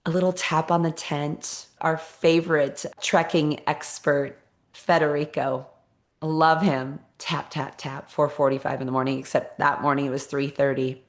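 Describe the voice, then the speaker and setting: Low-voiced woman host, earnest storytelling. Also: steady tone, measured pace. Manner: earnest, encouraging, emphatic with repetition. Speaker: podcast host. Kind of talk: personal storytelling monologue.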